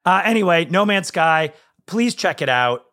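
A man co-hosting a casual gaming chat show, excitable and rambling, his voice leaping up when he gets animated. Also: high-pitched, moderate pace. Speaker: podcast co-host.

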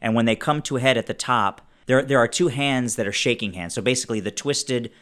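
A man playing a tabletop role-playing game, narrating his character's actions in a halting way with many restarts. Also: mid-range voice, a bit bright. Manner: halting, many restarts while describing scenes. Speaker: player.

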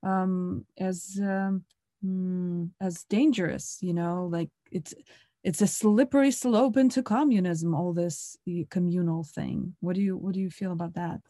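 A woman interviewer asking a long, curious question with frequent pauses and fillers. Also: on the low side, steady tone, mellow, no echo, studio quality.

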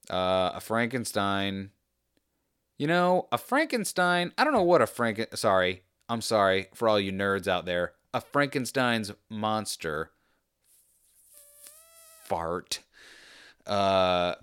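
Rambling man with a smooth low voice. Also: fairly bright tone, no echo, clean studio sound. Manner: rambling, jokey, self-deprecating. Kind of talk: casual chat.

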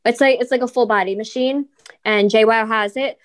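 A woman's voice: on the high side, fairly quick. Blunt, chatty woman co-host. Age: adult mother of school-age kids. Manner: animated and blunt, swears freely. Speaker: podcast co-host. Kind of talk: casual chat.

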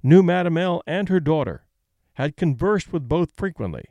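A man narrating a classic short story aloud, reading witness testimony in a measured, deliberate way. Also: a little high, big pitch swings, mellow, dry recording, muffled recording.

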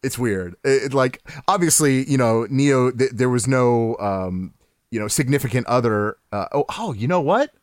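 A man co-hosting a casual podcast chat. He gets excited, laughs often, and restarts his sentences a lot. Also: medium pitch, normal speed, dry recording, studio quality. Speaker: podcast co-host.

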